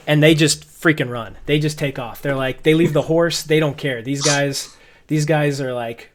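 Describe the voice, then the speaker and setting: Animated man running a tabletop game. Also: on the high side, normal speed, slight background noise. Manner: animated, repeats words as he narrates. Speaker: game master. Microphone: video call.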